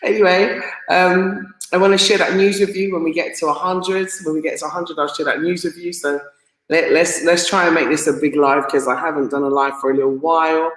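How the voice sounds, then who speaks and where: A woman chats her way through a live stream, greeting viewers one by one as she reads out their comments. She sounds excitable and laughs easily, and she trips over unfamiliar names as she goes. Her voice carries a roomy echo. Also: deep voice, fairly quick. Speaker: livestream host reading viewer comments. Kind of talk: casual live stream chat.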